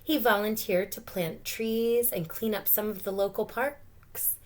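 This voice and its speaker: Slow, gentle teacher reading a storybook. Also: female voice, mid-range voice, steady tone. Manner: slow and gentle, pausing to explain and ask questions. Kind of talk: reading a picture book aloud to children.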